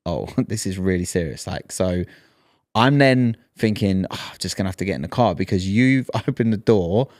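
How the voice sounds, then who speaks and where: Man in his thirties, deeper voice, dry close sound, animated storyteller, podcast co-host. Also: moderate pace, no echo. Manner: animated storyteller, acts out quoted lines. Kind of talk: casual storytelling chat.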